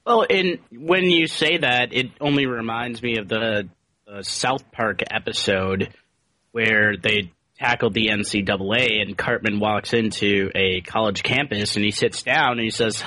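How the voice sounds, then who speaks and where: A man co-hosting a casual discussion who tells his stories in an animated way. His voice is bright with a slight huskiness. It is recorded close and dry. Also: fairly low pitch, measured pace, no echo. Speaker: podcast co-host.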